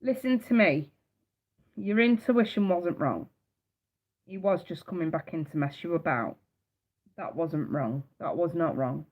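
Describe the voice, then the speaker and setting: A woman giving a live tarot reading, blunt and emphatic, swearing freely and repeating her points. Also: lowish voice. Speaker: tarot reader. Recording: dull lo-fi sound.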